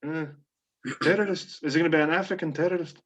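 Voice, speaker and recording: A man's voice: on the high side, fairly even intonation, quick pace, a bit bright. A man co-hosting a podcast, swearing and joking in casual banter. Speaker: podcast co-host. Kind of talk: casual chat. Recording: dull lo-fi sound.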